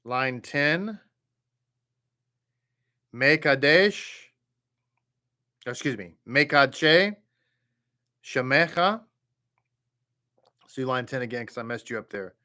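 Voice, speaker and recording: A man's voice: mid-range voice, a little fast, few pauses, bright, forceful tone. A man teaching a Hebrew reading class, patiently reading each word and repeating it. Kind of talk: slow word-by-word reading lesson.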